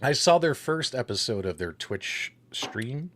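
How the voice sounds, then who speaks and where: A man's voice: mid-range voice, very animated, a little slow, fairly bright tone, a little hiss or hum. A man co-hosting a live-streamed arcade gaming show, chatting casually with a laid-back, rambling manner full of fillers. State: catching his breath.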